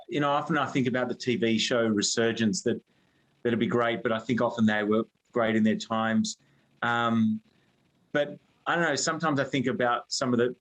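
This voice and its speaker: An Australian man talks through ideas in a casual interview, his voice sitting at an ordinary middle pitch. He stumbles and restarts often, leaning on fillers as he searches for words. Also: a bit bright, low-quality recording. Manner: many restarts and fillers, thinking aloud. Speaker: HR firm director, guest.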